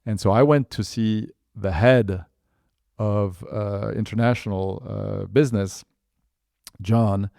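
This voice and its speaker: A man's voice: on the low side, steady tone, takes it slowly, gravelly, mellow, no room sound, clean studio sound. A man in his fifties with a French accent, telling a business story in a chatty way full of fillers. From France. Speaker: guest entrepreneur. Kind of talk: anecdotal storytelling.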